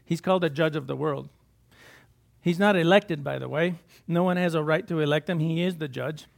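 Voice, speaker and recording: A pastor giving a sermon in a conversational, off-the-cuff way, full of asides and repeated words. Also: male voice, a little high, fairly even intonation, fairly quick, gravelly. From United States.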